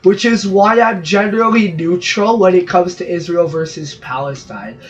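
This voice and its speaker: Rambling Brazilian man, fairly high voice. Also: moderate pace. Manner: rambling, jokey, self-interrupting asides. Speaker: gaming channel host. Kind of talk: gameplay commentary. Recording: distant, dull lo-fi mic with music behind.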